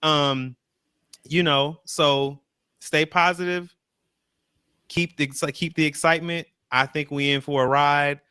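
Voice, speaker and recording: A man co-hosting a casual reaction chat, animated and direct with his listeners. His voice is bright and smooth, recorded close and dry. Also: fairly high pitch, a little slow, long pauses, no echo. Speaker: co-host of a reaction show.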